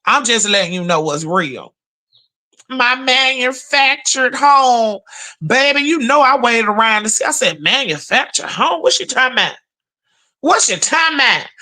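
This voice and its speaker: A woman's voice: sits high, sharp tone. A woman hosting a livestream, talking casual gossip commentary from her home office. She is brash and profane, calls her viewers honey and baby, and breaks into laughter. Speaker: livestream host.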